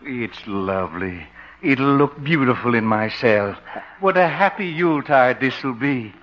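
A man's voice: medium pitch, lively intonation, measured pace, close to an everyday voice. An actor playing an overly polite, genteel retired male safecracker in a 1940s radio comedy, with a prim, courtly manner. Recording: dull old radio recording.

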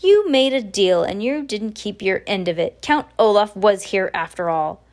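A woman's voice: medium pitch, normal speed, natural voice. A woman reading aloud, voicing a stern, formal middle-aged man.

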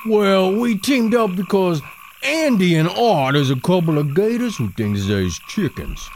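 A man's voice: high-pitched, sing-song, measured pace, darkish tone, a little hiss or hum, exaggerated voice. A man putting on a Cajun accent to voice a folksy, boastful swamp boat skunk ape hunter. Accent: put-on Cajun.

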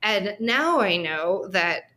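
A woman's voice: mid-range voice, sing-song, slow, sharp tone. Candid woman telling a heartfelt story. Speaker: guest, social work researcher. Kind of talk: personal storytelling in a podcast interview.

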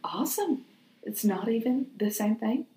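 A woman's voice: fairly low pitch, normal speed, creaky, reverberant, rough recording. A woman, co-hosting a faith podcast in a chatty, laughing, often sarcastic way. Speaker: podcast co-host. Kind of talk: casual faith podcast chat.

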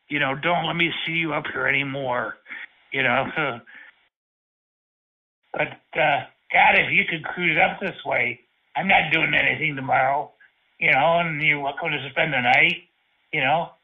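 A man's voice: a little high, a little slow, husky. A man making crude prank phone calls, rambling, stammering and talking lewdly. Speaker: prank caller. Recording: tinny phone line.

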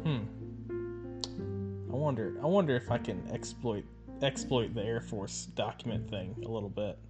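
A man in casual chat who keeps his replies short and laughs easily. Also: medium pitch. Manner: laid-back, quick to laugh, short replies. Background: music.

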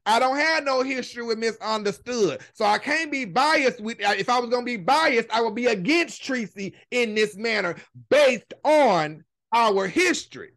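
A woman with a high voice holds forth as a podcast host, swearing constantly and leaning hard on every curse. Her talk is casual commentary delivered as an emphatic rant. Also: lively intonation, a bit bright. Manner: profane, emphatic, drawn-out swearing.

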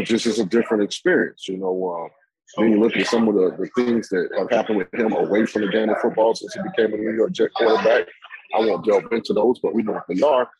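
A man's voice: on the low side, a little mellow, low-quality recording. A man giving opinionated football analysis on a sports talk show, rambling with many fillers and restarts.

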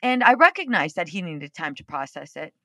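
Bright, candid woman podcast host. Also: lowish voice, a little fast, no room sound. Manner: candid and expressive, swears freely. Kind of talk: casual storytelling monologue.

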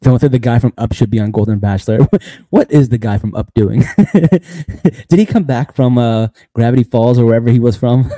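Male podcast host, dark mellow tone, dry close sound, rambling and laughing. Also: mid-range voice, steady tone, fast, dry recording. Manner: loose and rambling, says "bro" and "man" a lot; laughs often between lines. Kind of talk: casual recap chat.

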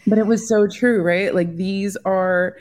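A woman's voice: medium pitch, steady tone, measured pace, darkish tone. A woman being interviewed about designing greeting cards, chatting casually and filling her talk with "like" and "you know.". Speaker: guest, greeting card designer.

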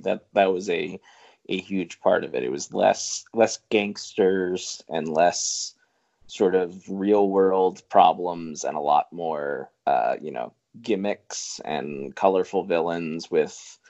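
A man's voice: low voice, a little mellow. A man co-hosting a podcast in casual chat, agreeable and wry, laughing along. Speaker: podcast co-host. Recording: dull lo-fi podcast mic.

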